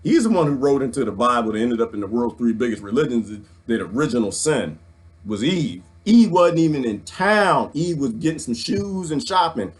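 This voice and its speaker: A middle-aged man, ranting excitedly to his viewers, preaching and swinging his handheld mic as he talks. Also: mid-range voice, normal speed. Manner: swings the mic around while talking. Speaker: vlogger. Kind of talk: excited casual rant.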